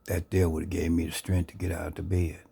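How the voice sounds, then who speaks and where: A man earnestly sharing his life story into a phone camera, reflective and unhurried. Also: sits low, little pitch movement, creaky, warm tone, breathy edge. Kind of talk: personal testimony, casual talk.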